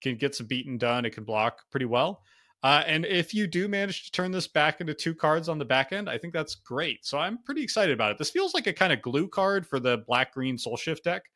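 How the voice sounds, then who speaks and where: A man's voice: a little high, sing-song, a little fast, bright, forceful tone. A man co-hosting a casual card game review podcast, thinking aloud with lots of fillers. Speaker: podcast co-host.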